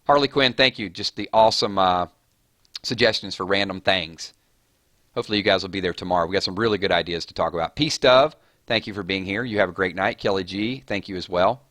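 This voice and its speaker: A man's voice: low voice, a bit bright, no room sound. A man hosting a casual live stream, rattling off chat names and thanking viewers. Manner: rapid-fire, chatty, reading names off chat.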